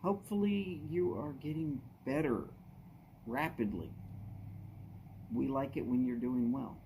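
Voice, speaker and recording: A man talks slowly and unhurriedly, greeting his viewers one by one on a live stream. His voice sits at an ordinary middle pitch in a laid-back drawl. Faint outdoor ambience hums behind him. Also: mellow, slight background noise. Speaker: livestream host. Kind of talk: casual live-stream chat.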